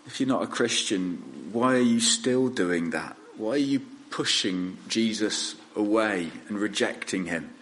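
A male preacher delivering a sermon in an earnest, measured manner. His voice sits a little low and he speaks slowly. He leaves pauses between phrases. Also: lively intonation, a bit bright, low-quality recording.

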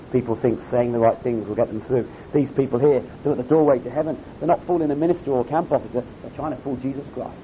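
A man preaching a sermon at a camp, earnest and direct, often putting questions to his audience. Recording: dull lo-fi recording with faint rumble.

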